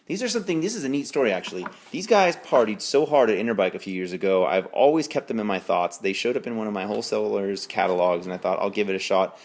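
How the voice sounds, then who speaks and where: A bike shop owner giving a casual late-night walkthrough of his store, relaxed and rambling with fillers and self-corrections. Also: on the low side. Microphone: handheld camera while walking.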